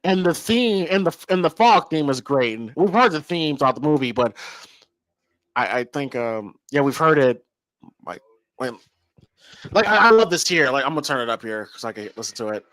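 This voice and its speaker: An excitable man riffing through a horror movie watch-along. His voice is bright and lively, jumping up and down in pitch as he rambles. The sound is dry and close. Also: normal speed, no echo, low-quality recording. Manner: excitable, rambling, lots of fillers and swearing. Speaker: podcast co-host.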